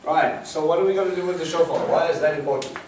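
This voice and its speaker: A man leads a Bible study in a fairly high voice, explaining Hebrew words and putting questions to his class. He sounds far from the mic in a very echoey room. A faint hiss runs under him. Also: fast talker, darkish tone. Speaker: Bible teacher.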